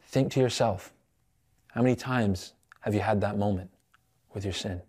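A man's voice: fairly low pitch, moderate pace, long pauses, mellow, husky. A young man in his twenties, a pastoral intern, giving a sermon in a conversational, self-deprecating storytelling way.

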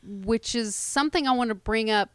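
Hoarse-throated woman podcast co-host. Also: a little high, normal speed, fairly bright tone, no echo, studio quality. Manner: emphatic, agreeable, makes points. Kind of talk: casual chat recapping a TV episode.

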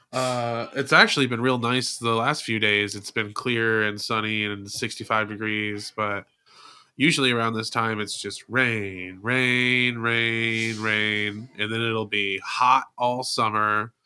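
Chill guy, lowish voice but kinda bright and sharp, cursing casually. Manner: laid-back, profane, drawn-out storytelling. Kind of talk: casual chat.

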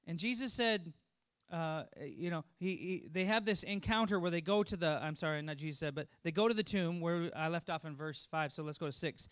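A man's voice: on the high side, a little fast, a bit bright, clear, resonant tone. A middle-aged man preaching a conversational sermon, chatty, laughing often and repeating words as he thinks aloud. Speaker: pastor.

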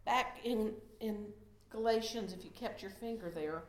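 A middle-aged woman giving a sermon in a conversational way, swinging from loud emphasis down to soft, hushed tones. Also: medium pitch, measured pace, echoey room. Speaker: lay preacher.

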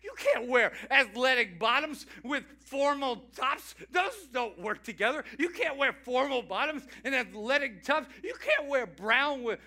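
Male preacher, animated and funny, with a very high, bright, cutting voice. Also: a little slow, hardly any pauses. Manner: animated, humorous, emphatic. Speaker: pastor. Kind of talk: sermon.

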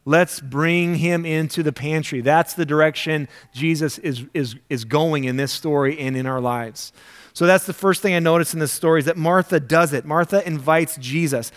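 A man preaching a weekend sermon to a congregation in a church. He talks conversationally, asks the listeners questions, and acts out quoted prayers loudly. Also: moderate pace. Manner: acts out quoted prayers with big jumps in pitch and volume. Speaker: pastor. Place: church sanctuary before a congregation.

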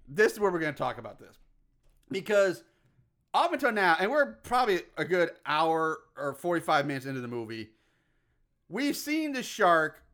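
A man's voice: fairly high pitch, fairly bright tone. A man co-hosting a casual podcast, recapping a movie in a rambling way, laughing often and swearing casually. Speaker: podcast co-host.

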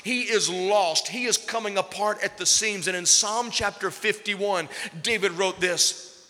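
A male pastor preaching a sermon, moving between quiet, intimate stretches and loud, urgent ones. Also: high-pitched, measured pace, big-room sound.

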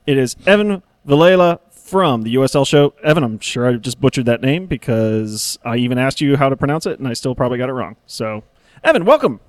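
A man's voice: medium pitch, animated, brisk, no echo. A man hosting a casual podcast, laughing often and tripping over his words. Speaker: podcast host.

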